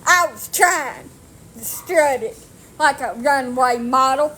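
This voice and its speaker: Slow-drawling blunt woman. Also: sits high, bright, forceful tone, slight background noise. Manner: blunt, salty, self-mocking, drawling. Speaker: storyteller vlogger. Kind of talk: casual storytelling. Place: outdoors on rural property with dogs.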